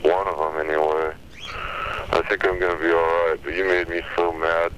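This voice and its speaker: A man's voice: sits low, little pitch movement, moderate pace, a bit bright, a little hiss or hum, poor audio. A man leaving aggrieved, self-pitying, rambling messages on an answering machine.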